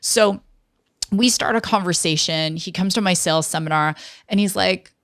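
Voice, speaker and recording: A woman in her fifties, a guest in an interview, telling a lively story and acting out what others said. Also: lowish voice, moderate pace, no room sound, studio quality. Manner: lively storyteller who acts out quoted dialogue. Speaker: interview guest, tech entrepreneur.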